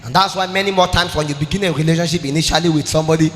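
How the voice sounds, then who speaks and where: A man preaches in a high, ringing voice, moving from fervent shouts to a sing-song cadence. His sermon echoes through a large church hall with a long reverb and soft music underneath. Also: fairly even intonation, racing. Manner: impassioned, swings between shouting and sing-song.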